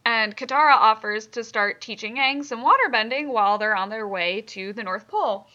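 A woman's voice: a little high, moderate pace, bright, forceful tone, dull audio. A woman co-hosting a podcast, recapping episodes in casual, giggly chat full of ums. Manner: chatty, giggly, many ums. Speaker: podcast co-host.

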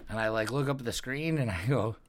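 A man's voice: mid-range voice, fast, no echo. A man casually telling a long anecdote in a rambling, profane way, with lots of fillers. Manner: rambling, profane, acts out quoted voices. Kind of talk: casual storytelling chat.

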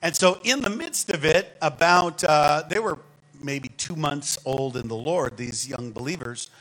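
A guest preacher with a fairly high voice tells a storytelling sermon from the pulpit of a church sanctuary, speaking a little slowly in an animated, conversational way. He swings between hushed asides and loud exclamations, laughing along with the congregation, and the recording is low in quality.

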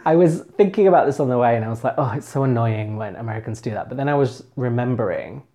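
A man's voice: medium pitch, fast talker, dark tone. Chatty gossiping man from Huddersfield. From Huddersfield, England. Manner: chatty and gossipy, often laughing. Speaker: podcast co-host. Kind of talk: casual chat reviewing a TV episode.

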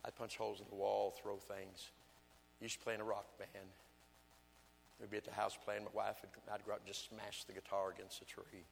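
An older evangelist with a lowish, monotone voice and vocal fry preaches quickly in a church sanctuary, hardly pausing. His folksy sermon is full of home stories and asides, and he acts out his wife's lines. The sound is big and roomy, with faint music behind him.

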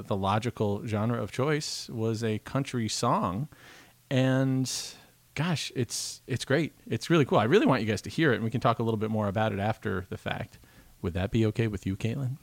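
A man's voice: fairly low pitch, no echo. A man co-hosting a podcast in casual, joking chat, rambling into tangents. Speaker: podcast co-host.

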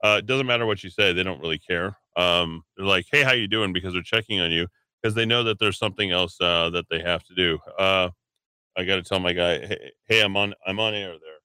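Talk radio host, man, low voice with a crisp forceful edge, rambling delivery from the studio. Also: brisk, no room sound. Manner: rambling, many hesitations and restarts. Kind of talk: opinionated talk radio monologue.

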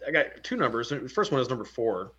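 Easygoing guy cohosting a sports chat, bright tense voice, muffled lo-fi recording. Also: medium pitch, sing-song, quick pace, slightly rough. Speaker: sports talk show co-host. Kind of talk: casual chat. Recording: dull lo-fi sound.

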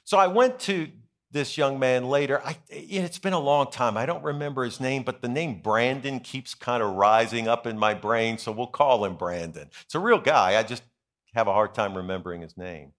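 A middle-aged man, a senior pastor, preaching a sermon in a deliberate way, dropping soft and low for stories and rising for emphasis.

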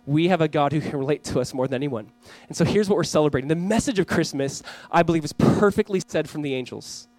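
A man in his thirties preaching a Christmas Eve sermon, earnest, reading scripture slowly and acting out family scenes. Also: on the high side, darkish tone, no room sound, faint music behind, rough recording. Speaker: pastor.

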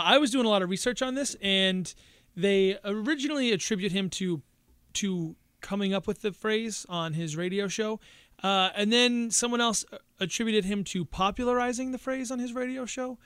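A high-voiced man co-hosting a casual podcast, recorded dry and close. He rambles through his points with many pauses and fillers. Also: a bit bright, clean tone, dry recording. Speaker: podcast co-host.

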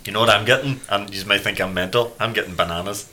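A man's voice: lowish voice, fast, sharp tone. A man co-hosting a podcast, speaking in easygoing casual chat with some swearing. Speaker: podcast co-host.

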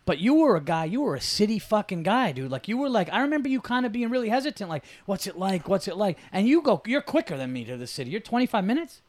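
A man's voice: high-pitched, very animated, fast talker, hardly any pauses. A man hosting a podcast, chatting casually and joking profanely. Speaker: podcast host. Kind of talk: casual chat.

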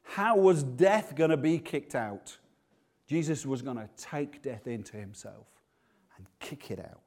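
A man preaching a sermon, swinging between loud, emphatic passages and hushed, slow ones. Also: medium pitch, lively intonation.

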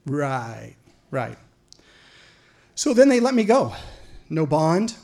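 Animated, wry male storyteller. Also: on the high side, slow, gravelly. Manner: wry, animated, builds to loud outbursts. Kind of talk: live personal storytelling.

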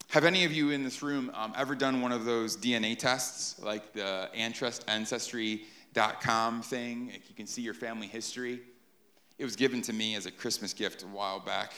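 Bright-voiced man preaching a sermon. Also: medium pitch, normal speed. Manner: animated, keeps checking in with "right?". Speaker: pastor. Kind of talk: sermon to a live congregation.

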